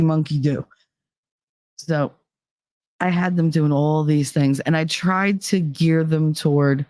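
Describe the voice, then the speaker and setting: Animated, foul-mouthed woman telling stories. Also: dry recording, clean studio sound. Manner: animated, profane, jumps up in pitch for quotes. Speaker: podcast host. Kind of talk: casual storytelling.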